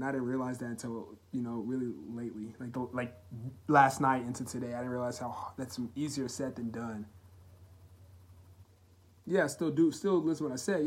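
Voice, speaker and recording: Earnest young man on a confessional podcast. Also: mid-range voice. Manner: earnest, halting, emotional, heartfelt. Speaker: podcast host. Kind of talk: solo confessional podcast talk.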